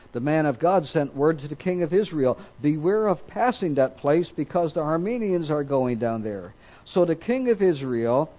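A man's voice: a little high, darkish tone, lo-fi sound. A man preaching a sermon, reading scripture aloud and acting out the quoted voices, stopping now and then to correct himself.

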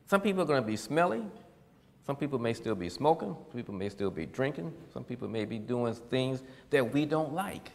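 A man delivers a down-to-earth sermon in an easygoing, folksy manner, chuckling at his own lines. His voice swings widely in pitch as he gets animated. The sound carries a long reverb, like a church hall. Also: fairly quick, gravelly. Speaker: preacher. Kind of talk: casual sermon.

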